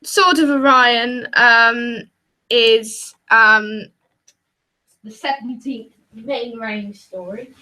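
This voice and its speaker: A woman's voice: fairly high pitch, drawn-out words, sharp tone. Enthusiastic woman on an echoey podcast. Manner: enthusiastic, many ums. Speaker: podcast co-host. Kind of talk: casual podcast chat. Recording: roomy echo, far from mic.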